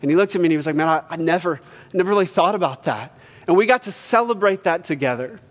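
A pastor telling a story in a sermon, acting out quotes and swinging from hushed to loud. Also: male voice, high voice, animated, fast talker. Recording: church hall reverb.

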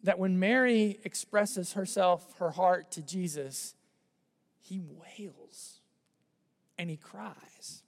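A man preaching a sermon in a conversational way, repeating phrases and letting his voice drop softly at the ends of lines. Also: high voice, slow pace, gravelly, long reverb tail. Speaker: pastor.

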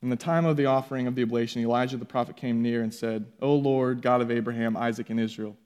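A man preaching a sermon, reading scripture aloud with relaxed conversational asides. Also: mid-range voice, fast, clean tone. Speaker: pastor.

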